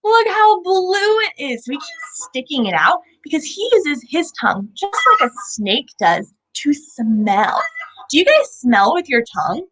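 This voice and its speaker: A woman's voice: high voice, huge pitch swings, unhurried, fairly bright tone, slightly rough, poor audio. A young woman hosting a children's animal show, talking playfully in a sing-song way with sound effects and questions to the kids. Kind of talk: educational talk for young children.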